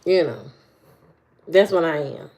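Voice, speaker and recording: A woman from Indiana hosts a casual livestream and answers her viewers at an unhurried, drawn-out pace. Her delivery rambles, doubles back, and repeats phrases while she works out what to say next. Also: low-pitched, expressive, darkish tone. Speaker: livestream host.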